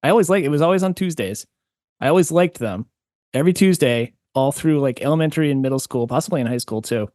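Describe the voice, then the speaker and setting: A man from Massachusetts, with a voice a bit higher than usual, recorded dry and close. He chats casually on a podcast. His asides are wry and rambling. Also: quick pace, a little mellow, dry recording. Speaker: podcast co-host. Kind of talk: casual chat.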